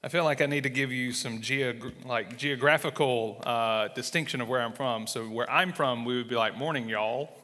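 A man in his thirties with a Mississippi drawl gives a folksy, self-deprecating testimony from the pulpit, with plenty of "uh" along the way. His voice is bright and forward. It rings out in the long reverb of a large church hall. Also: mid-range voice, normal speed, few pauses. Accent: Southern US, Mississippi. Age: 30s. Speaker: church planter, guest speaker. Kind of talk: sermon with personal testimony. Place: church sanctuary.

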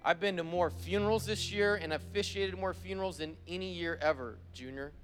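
A man preaching a sermon as pastor, driving points home with repeated phrases and slowing down to read scripture. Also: sits high, fairly bright tone, soft background music. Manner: slows down when reading scripture aloud. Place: church service.

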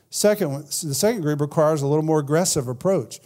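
A man's voice: on the high side, quick pace, few pauses, dark tone. A man preaching a sermon in a conversational way, often repeating words and saying "man". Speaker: pastor.

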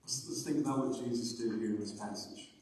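A man preaching a sermon as pastor, animated and building to emphatic passages. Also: mid-range voice, brisk. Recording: echoey hall from far off.

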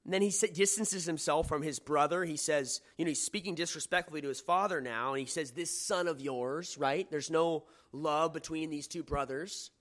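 A man's voice: a little high, fairly quick, hardly any pauses, a bit bright. Earnest man preaching a sermon. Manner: earnest, conversational, asks the listeners questions; reads scripture aloud with dramatic emphasis.

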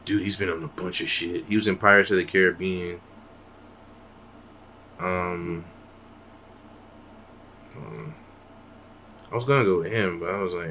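A man's voice: low voice, measured pace, pauses often, sharp tone, slight background noise. A man co-hosting a podcast in loose, rambling casual chat, swearing freely. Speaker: podcast co-host.

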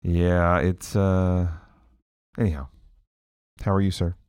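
Low-voiced man in casual podcast chat. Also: fairly even intonation, slow, darkish tone, clear, resonant tone, dry recording, clean studio sound. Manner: trails off with filler words. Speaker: podcast co-host.

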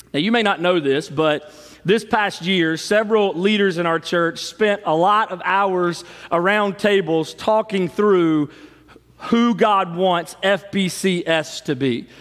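A middle-aged man, a pastor telling stories in an animated sermon. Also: high voice. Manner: storytelling, animated, fond of shouting the cheer. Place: large church sanctuary. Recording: long hall reverb.

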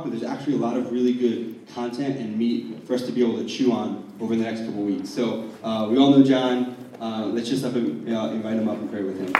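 A man's voice: mid-range voice, dark tone, recorded from a distance. A man introducing a speaker and leading an earnest spoken prayer in short phrases. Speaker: meeting leader introducing the speaker. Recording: roomy echo with faint noise.

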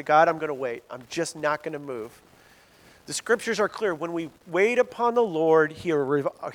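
A man preaching a sermon in a conversational, animated storytelling manner, in a church hall. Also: fairly high pitch. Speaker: pastor. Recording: long hall reverb.

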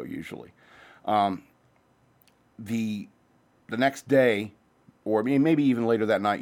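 A man hosting his own show, talking in a loose, rambling, profane monologue that jumps between topics. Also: lowish voice. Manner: says he talks fast. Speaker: podcast host.

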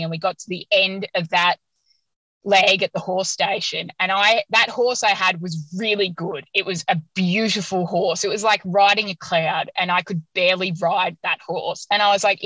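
A woman guest on an interview podcast, telling a story in an animated, casual way and laughing often. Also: medium pitch, no echo, rough recording.

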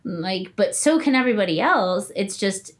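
A young woman in casual conversation, chatty and quick to laugh, swearing freely as she talks about training in martial arts. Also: medium pitch, expressive. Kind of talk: casual chat.

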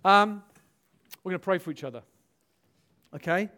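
A man's voice: high voice, moderate pace. A man, a pastor preaching a sermon to his church, telling stories and acting out dialogue, with frequent cries of hallelujah and amen. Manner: animated, exclaims hallelujah and amen; storytelling, acts out quoted dialogue.

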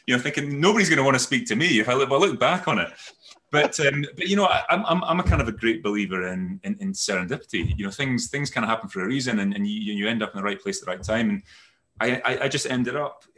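A middle-aged man, a company head and podcast guest, recounting his school and university years in a thoughtful, halting way full of restarts. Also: medium pitch, animated, sharp tone. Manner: thoughtful, halting, many restarts and "you know"s. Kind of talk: reflective conversational storytelling.

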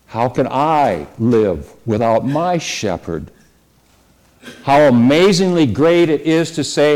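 A man leading a church service, preaching in an easy conversational way and slowing down on key phrases. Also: medium pitch, a little mellow. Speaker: pastor. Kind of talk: sermon.

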